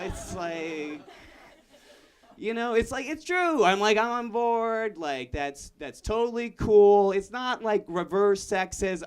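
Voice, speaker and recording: A young man performing a stand-up comedy set, rambling and self-interrupting, bursting into shouted character bits. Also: medium pitch, smooth. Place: comedy room with live audience.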